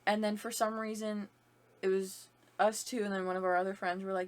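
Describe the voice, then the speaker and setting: A woman's voice: medium pitch, level tone, fairly quick. Chatty young Canadian woman host. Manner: loose, chatty, swears, laughs easily. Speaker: podcast host. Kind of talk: casual chat.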